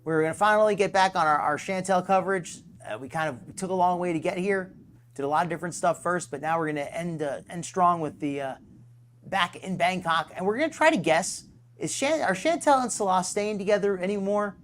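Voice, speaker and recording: A man's voice: high-pitched, expressive, a little fast, a bit bright. A man hosting a live stream, rambling and sarcastic, poking fun at himself. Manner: rambling, sarcastic, self-deprecating.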